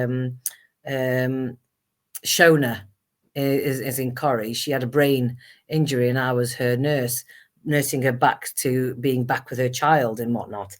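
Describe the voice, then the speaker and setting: A middle-aged woman, a guest actress and singer telling her story candidly and emphatically. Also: rumbling low. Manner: animated and emphatic, acts out past conversations.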